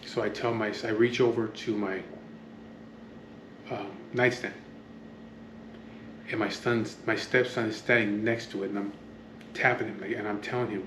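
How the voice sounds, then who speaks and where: A man's voice: fairly low pitch, flat delivery, a little slow, reverberant, slight background noise. A man telling a story casually to camera from his home, rambling, swearing often and drifting into asides. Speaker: vlogger. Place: at home, near an open door to the street.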